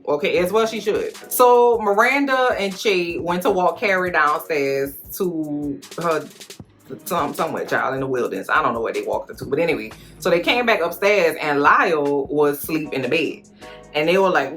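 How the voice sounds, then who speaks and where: A woman giving a sassy, animated TV recap and acting out characters in high voices. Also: moderate pace, faint music behind. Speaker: recap vlogger. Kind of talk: casual reaction recap.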